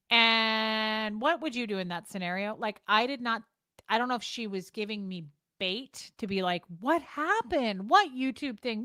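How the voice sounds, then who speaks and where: Talking to her stream audience from home, this host has a medium-pitched voice with a bright, forceful tone. She's blunt and profane, her delivery changes quickly, and no room sound is audible.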